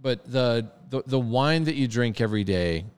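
A man's voice: medium pitch, expressive, moderate pace, smooth. A man chatting casually and with enthusiasm, often repeating words as he searches for them. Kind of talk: casual chat.

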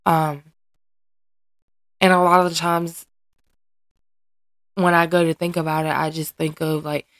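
Mom podcaster, low gravelly voice, kinda halting and earnest, dry close sound. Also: female voice, level tone, dry recording. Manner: hesitant, searching for words, many restarts; earnest and emotionally open. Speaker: podcast host and mother. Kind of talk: candid personal podcast monologue.

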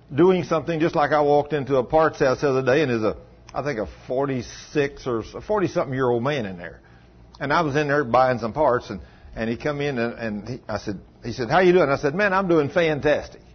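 A man's voice: mid-range voice, slightly rough. A man preaching an informal sermon to his congregation, in a folksy, rambling way. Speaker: pastor. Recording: dull lo-fi sermon recording.

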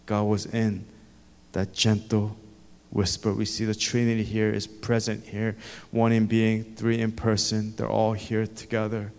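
A man's voice: fairly low pitch, monotone, measured pace, a little mellow. A male pastor delivering a sermon with an earnest, repetitive preaching cadence, recorded in a church sanctuary. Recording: echoey church hall.

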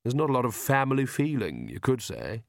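A male reader voices a smug young gentleman vampire from a storybook, fussy and faintly mocking, with a smooth, amused drawl. His middling-pitched voice is gravelly and a little fast, with huge pitch swings, and the recording sounds close and dry.

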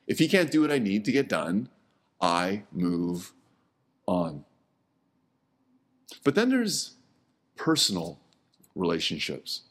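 A middle-aged man gives a sermon in a low voice. He talks like he is chatting with the congregation, repeats himself now and then, and lets his voice sink quiet on the words he wants to stress. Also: huge pitch swings, slow, pauses often. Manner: conversational, repeats words, drops low and soft on key words. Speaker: pastor.

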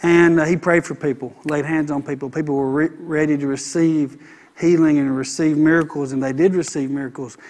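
High-voiced man preaching a sermon. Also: fairly even intonation, a little fast, a little mellow. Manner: emphatic preacher, repeating phrases in building runs. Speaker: pastor.

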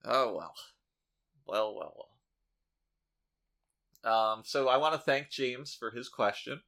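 A man's voice: mid-range voice, slow pace, fairly bright tone. A man co-hosting a podcast in casual chat, talking with dry, sarcastic humor. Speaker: podcast co-host.

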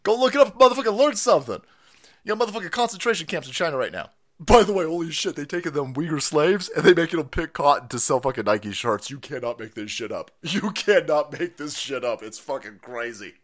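A man's voice: on the high side, animated, fairly quick, a bit bright. A man ranting on a livestream, foul-mouthed and mocking, swearing constantly. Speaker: streamer. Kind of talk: profane political rant on a livestream.

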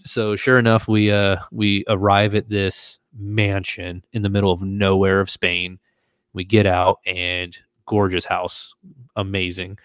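A man hosting a podcast, telling a travel story in a casual, animated way and acting out the voices of the people in it. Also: deep voice, a little slow, clean tone, no room sound. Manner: animated, acts out quoted voices. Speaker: podcast host.

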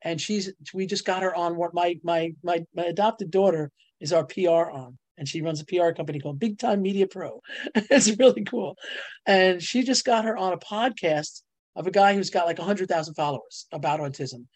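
A middle-aged woman tells stories as a guest in a casual interview. She talks in bursts and laughs often, and her voice leaps higher whenever she reaches a punchline. The sound is dry and close to the mic. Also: normal speed, darkish tone, no room sound. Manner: bubbly storyteller, laughs often, voice jumps up on punchlines. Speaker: guest, ghostwriter and publisher. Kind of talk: animated casual interview talk.

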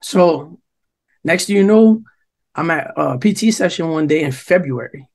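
A man's voice: fairly high pitch, lively intonation, unhurried, darkish tone. A young man from New Jersey, co-hosting a podcast, telling a long, profane story in casual chat and quoting other people's lines. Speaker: podcast co-host.

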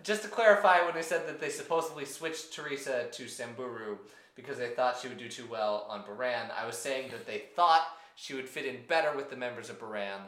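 Bright-voiced quipping man in an echoey room. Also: medium pitch, a little fast. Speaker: podcast co-host. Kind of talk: casual chat and reading listener emails.

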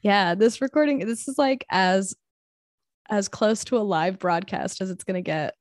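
A woman's voice: mid-range voice, moderate pace, no echo, studio quality. Chatty woman podcast co-host. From western United States. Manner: chatty, laughs often, many "like" fillers. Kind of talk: casual chat.

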